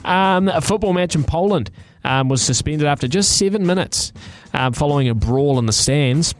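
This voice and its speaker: A man's voice: fairly high pitch, expressive, moderate pace, dry recording. A man co-hosting a radio show, chatting casually and jokily through light news stories with plenty of fillers. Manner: chatty, jokey, rambling with fillers. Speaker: radio co-host.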